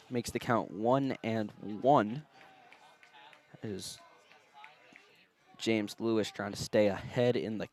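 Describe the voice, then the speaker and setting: Young male color commentator, mid-pitched, calm analysis of the game, outdoor ballfield. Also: slight background noise. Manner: analytical, steady explainer. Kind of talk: high school baseball commentary.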